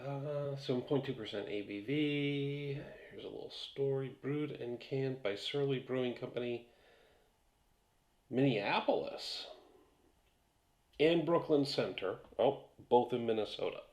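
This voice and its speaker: A man's voice: medium pitch, a little slow, a little mellow. A man rambling casually through a beer review vlog, a few beers in and swearing now and then.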